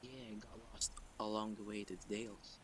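A man's voice: fairly low pitch, level tone, a little fast, background noise. A man narrating a story casually, rambling and thinking aloud with fillers as he reads. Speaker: story narrator and channel host.

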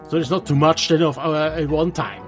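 A man with a Swiss German accent, a native Swiss German speaker, giving halting gameplay commentary in English with many restarts. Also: fairly high pitch, soft background music. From Switzerland. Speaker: let's player.

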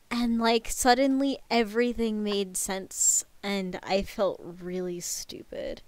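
A woman hosting a live stream, chatting casually and telling stories in an animated way. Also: medium pitch, slow pace, hardly any pauses, no room sound. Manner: animated, chatty storytelling with laughs. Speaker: streamer host.

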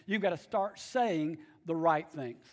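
Male pastor, high-pitched, emphatic preaching with repeated phrases. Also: a little slow. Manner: emphatic, repeats key phrases, calls for amens. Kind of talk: sermon.

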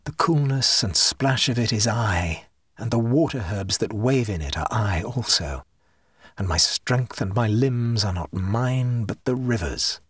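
A rapturous young gentleman in a storybook reading, as a male narrator puts him on. He speaks warmly and enthusiastically, with a husky edge to his voice. His pitch rises and falls freely, and the sound is dry and close. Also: animated, a little slow, no echo. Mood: dreamy. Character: radiant, joyful young man, dreamy and rapturous.

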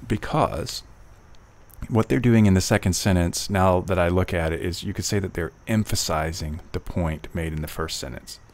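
A man tutoring test prep, reading passages slowly and then reasoning aloud through each answer with fillers and restarts. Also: low-pitched, darkish tone. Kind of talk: walkthrough of test questions, thinking aloud.

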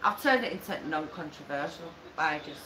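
A tipsy woman with an Oldham accent, giggling through lively banter as a co-host. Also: deep voice, normal speed. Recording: roomy echo with clear background noise.

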